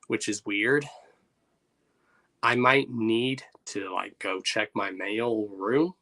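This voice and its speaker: Bright-voiced man chatting on a livestream. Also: medium pitch. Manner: loose and chatty, reacts to chat. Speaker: livestream host. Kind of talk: casual livestream chat.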